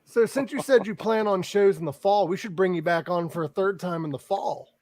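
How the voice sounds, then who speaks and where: A man's voice: high voice, a little mellow, no echo. Joking man hosting a podcast. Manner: joking, quick questions. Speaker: podcast host. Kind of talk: casual chat.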